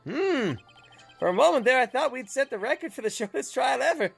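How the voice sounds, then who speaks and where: A woman voicing a doddering old male judge in a video game, with a creaky, quavering old-man voice. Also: high voice, animated, fairly quick, faint music behind, voice pushed up, exaggerated voice. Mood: relieved.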